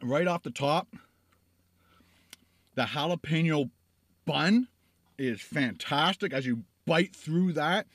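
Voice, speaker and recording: A man's voice: fairly high pitch, takes it slowly, long pauses, a bit bright, no room sound. Middle-aged man, food vlogger in a car, casual, talks through mouthfuls. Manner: eating while talking, mouth full. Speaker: food reviewer. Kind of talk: casual food review vlog.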